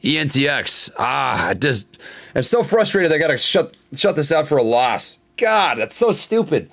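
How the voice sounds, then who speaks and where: A man's voice: medium pitch, expressive, normal speed, vocal fry, fairly bright tone. A young man hosting a live stock-trading stream, commenting casually on charts, reading chat aloud and venting frustration. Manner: frustrated, reads chat aloud, swears and laughs it off.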